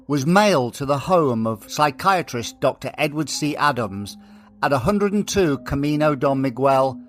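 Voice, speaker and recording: A man with a fairly high voice narrates a true-crime podcast from a script, quoting letters slowly and deliberately. Soft music sits faintly behind his voice.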